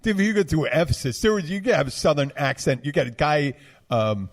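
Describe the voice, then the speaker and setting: A man's voice: fairly high pitch, fairly quick. A man, hosting a podcast in rambling, digressive casual talk. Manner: rambling, digressive, full of restarts. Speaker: podcast host. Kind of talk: casual chat.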